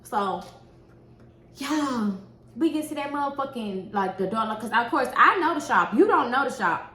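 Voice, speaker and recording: A woman who works as a nail technician telling a story in a casual, animated way, swearing often and acting out what people said. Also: fairly high pitch, normal speed. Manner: animated, profane, acts out quoted dialogue. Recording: echoey room with faint noise.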